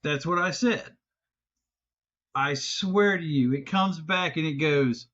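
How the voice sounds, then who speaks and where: High-voiced man telling stories. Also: takes it slowly, long pauses. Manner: animated, swearing, laughing storyteller. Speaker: podcast host. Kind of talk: casual storytelling chat. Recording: dull lo-fi sound.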